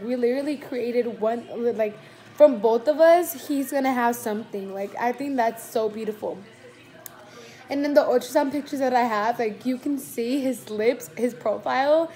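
A woman's voice: on the high side, moderate pace, dark tone. A young woman vlogger in a casual Q&A chat, teary and emotional, gushing with constant "like" fillers.

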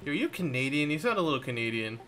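A man's voice: a little high, very animated, fast, sharp tone, slight background noise. A man streaming a game from home, tipsy, loose and rambling as he jokes with his chat.

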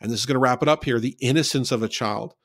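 A man's voice: medium pitch, racing, a bit bright, no room sound, clean studio sound. A man giving a conversational Bible study, talking in an earnest, folksy way and repeating points for emphasis.

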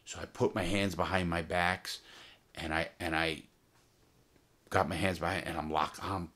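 A former jewel thief telling his prison stories in a casual, profane, animated way, full of restarts. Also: low voice, moderate pace. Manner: profane, animated, heated retelling with many restarts. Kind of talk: casual storytelling to camera.

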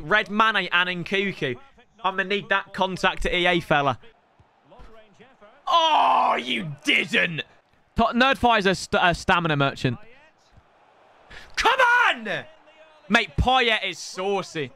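An excitable young man calls his own game live, quick to shout and keen to tease his opponent. His high voice leaps wildly up and down with a bright, sharp edge and some vocal fry.

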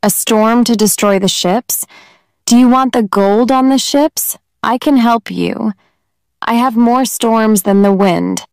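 Sly young witch, wheedling; a woman reads her, slow pace. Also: fairly high pitch, a little mellow, clean tone, dry recording. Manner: wheedling, repeating herself.

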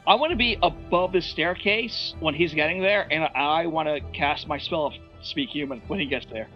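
A man playing a tabletop game, chatty and quick to laugh. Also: fairly high pitch, highs cut off, faint music behind. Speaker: player. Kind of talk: casual tabletop game play.

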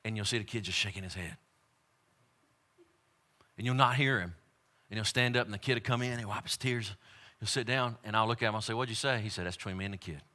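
A man preaching a sermon as pastor, moving from quiet, joking asides to loud, emphatic repeated lines. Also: lowish voice, a little fast, long pauses.

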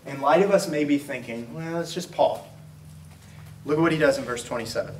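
A man's voice: a little high, brisk, a little hiss or hum. A man preaching a sermon as a pastor, talking in a conversational way and acting out quoted exchanges. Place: church auditorium. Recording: roomy, from a distance.

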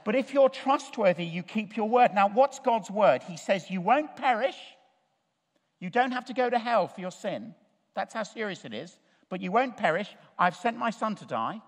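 A man's voice: sits high, animated, moderate pace. A man preaching a sermon in church, telling stories with humour and putting questions to the congregation. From Chile, raised in Africa. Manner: storytelling, humorous, asks the congregation questions. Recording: long reverb of a church hall.

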